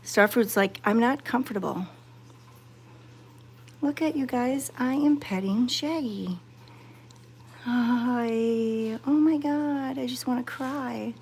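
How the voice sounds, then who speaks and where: A woman chatting to her viewers while petting cats, excited and fond, cooing softly to the animals. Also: a little high, slow, a little hiss or hum. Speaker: cat sanctuary vlogger.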